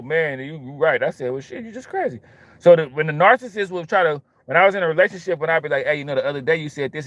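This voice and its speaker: Fast-talking man with street slang. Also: fairly high pitch, dry recording. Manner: animated, street slang, repetitive. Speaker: host. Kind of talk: casual monologue.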